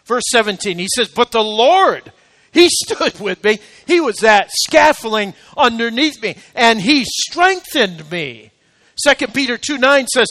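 A male pastor preaches in a church sanctuary, his fairly high voice climbing to emphatic, ringing peaks before sinking into soft, close talk. The room adds a long, trailing reverb to every line. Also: big pitch swings, unhurried. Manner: preaching with swelling rising emphasis, then dropping to quiet intimate talk. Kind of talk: sermon.

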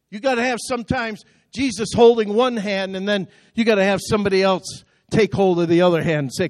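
A middle-aged man preaching with a high, ringing voice. He drives his sermon with passion and calls the congregation to answer him back. The sound is close and dry. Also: a little fast, hardly any pauses, dry recording. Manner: impassioned, building to shouted call-and-response. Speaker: pastor. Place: church auditorium.

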